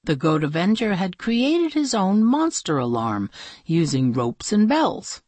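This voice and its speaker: A woman reading a children's storybook aloud with playful, expressive narration. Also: lowish voice, measured pace, slightly rough, no room sound. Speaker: audiobook reader.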